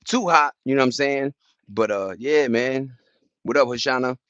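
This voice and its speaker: A man's voice: medium pitch, moderate pace, a bit bright, no echo, highs cut off. A man vlogging in a casual, slangy, rambling way, chatting loosely to his viewers from home. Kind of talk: casual chat to camera. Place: at home with plants and a cat.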